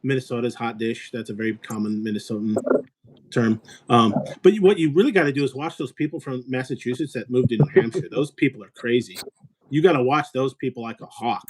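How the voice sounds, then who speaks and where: A man's voice: mid-range voice, a little fast, a little hiss or hum. A man from Illinois hosting a casual chat, rambling and joking as he talks. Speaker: host.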